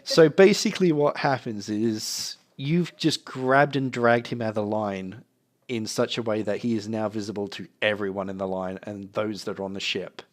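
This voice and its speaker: A man running a tabletop game as game master, narrating in a relaxed, meandering way. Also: lowish voice, moderate pace.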